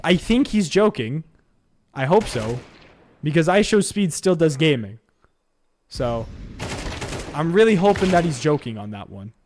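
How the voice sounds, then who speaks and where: A man streaming a shooter game, rambling to his viewers between sudden excited outbursts. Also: a little high, slight background noise. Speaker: gaming streamer. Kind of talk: live gameplay commentary chatting to viewers.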